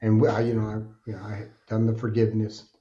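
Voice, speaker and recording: A middle-aged man who is a podcast guest, telling his personal story in an earnest, colloquial and animated way. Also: lowish voice, fast. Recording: dull lo-fi sound.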